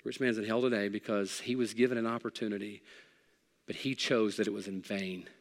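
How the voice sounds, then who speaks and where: A man's voice: lowish voice, steady tone, brisk. Preacher man in a reverberant church. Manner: emphatic, conversational preaching with sudden loud peaks and soft pleading. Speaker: pastor. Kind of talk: sermon. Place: church sanctuary.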